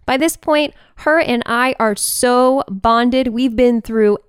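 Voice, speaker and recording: A woman podcast host telling a personal story in an animated, expressive way, with big swings in pitch and pace. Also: slow pace, clear, resonant tone, no room sound, clean studio sound.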